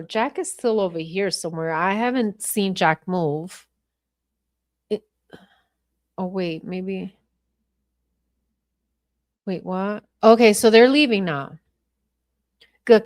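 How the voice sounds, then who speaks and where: Slow-talking blunt woman livestreaming. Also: medium pitch. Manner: blunt, profane, talks to viewers and chat; thinking aloud while replaying clips. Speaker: podcast host reviewing video footage. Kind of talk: casual livestream commentary.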